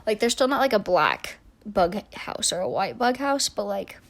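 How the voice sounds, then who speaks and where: A woman in her twenties giving a chatty, rambling voice-over while building in a game, full of restarts and soft trailing asides. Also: medium pitch, expressive, moderate pace, vocal fry. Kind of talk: casual voice-over commentary.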